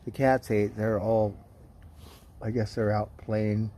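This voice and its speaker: A man's voice: lowish voice, little pitch movement, slow, mellow, a little hiss or hum. A man casually chatting with his stream viewers, telling rambling, profane stories. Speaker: livestream host.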